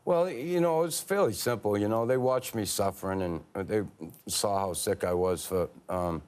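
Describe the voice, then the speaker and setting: A man, a former hockey player telling candid stories in a TV studio interview, halting with many fillers and restarts. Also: on the low side, a little mellow, clean tone.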